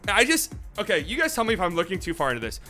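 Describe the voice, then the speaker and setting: A man's voice: sits high, huge pitch swings, very fast, bright, forceful tone, soft background music. A young man hosting a casual live sports talk show, ranting in a rambling, profane way. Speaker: sports podcast host.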